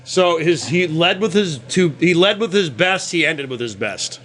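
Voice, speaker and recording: A man with a high, lively voice hosts a casual podcast chat, talking in an animated, profane way. He keeps slipping into quick impressions between points, with slight background noise behind him.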